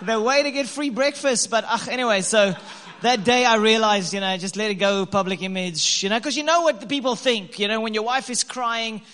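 A man telling a lively story to couples, laughing and acting out his own lines. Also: high-pitched, fairly quick, few pauses, big-room sound. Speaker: co-host, husband speaking to couples. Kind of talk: animated storytelling talk.

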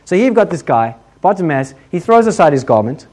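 A male preacher with an English accent delivers a chatty sermon. He talks like he is telling a story to friends, with quick asides and a joking edge. His pitch swings up and down a lot as he goes. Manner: conversational, humorous, animated, with many asides.

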